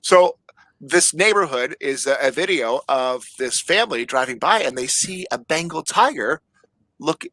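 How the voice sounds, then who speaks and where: A man's voice: fairly high pitch, expressive, unhurried, bright, forceful tone, no room sound, poor audio. A man co-hosting a podcast, telling a story in casual chat and laughing often. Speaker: podcast co-host.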